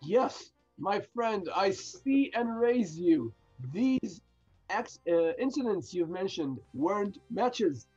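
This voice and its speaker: A man with a fairly high voice co-hosts a casual chat and adds dry wisecracks. His recording sounds slightly muffled and lo-fi, with faint music behind him. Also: lively intonation, takes it slowly, darkish tone, breathy edge. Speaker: podcast co-host.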